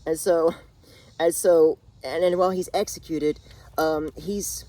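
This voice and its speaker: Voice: mid-range voice, fairly even intonation, measured pace, dark tone. A speaker casually retelling a TV drama to a friend, rambling with lots of fillers and restarts. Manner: rambling, many fillers and restarts, bursts of laughter. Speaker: channel host.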